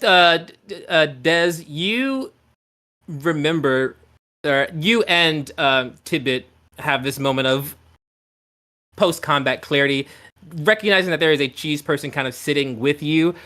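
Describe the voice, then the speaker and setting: A man's voice: fairly high pitch, unhurried, bright, forceful tone. Rambling male game master. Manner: rambling, filler-heavy, conversational. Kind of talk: narrating a tabletop game.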